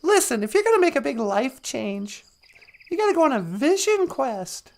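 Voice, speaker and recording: Cocky fast-talking male fox, voiced by a woman storyteller, gravelly edge. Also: high voice, sing-song, darkish tone. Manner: brash, teasing, fast-talking.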